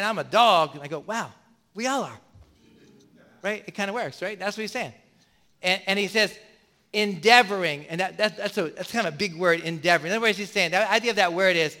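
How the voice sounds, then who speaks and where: A man's voice: high voice, pushed and bright. A man preaching a sermon to his congregation, emphatic and repetitive, addressing the listeners directly. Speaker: pastor.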